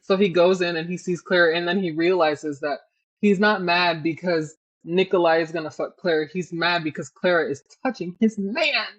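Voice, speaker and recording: A woman cohosting a podcast, recapping a book in a casual, animated and profane way. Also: fairly low pitch, moderate pace, muffled recording.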